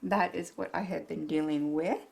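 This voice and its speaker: Blunt, cussing woman cooking vlogger, sick, low gravelly voice, unhurried delivery. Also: fairly even intonation, a little mellow. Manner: blunt, cussing, laughs often. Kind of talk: casual chat while cooking.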